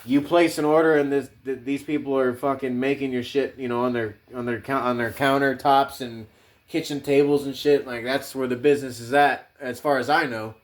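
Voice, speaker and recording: A man's voice: mid-range voice, steady tone, moderate pace. A man hosting a podcast, rambling casually with heavy swearing. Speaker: podcast host.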